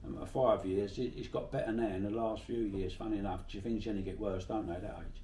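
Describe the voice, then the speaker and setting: A man's voice: fairly low pitch, fairly even intonation, fast, dark tone, roomy sound, distant mic, a little hiss or hum. A middle-aged man from Bermondsey with a South London accent, telling salty stories in a casual interview. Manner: chatty, salty, swears freely while telling anecdotes.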